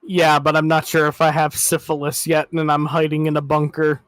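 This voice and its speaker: A young man chatting as co-host, making deadpan jokes, swearing often and getting excited. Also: a little high, normal speed, no echo. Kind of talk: casual chat on a live show.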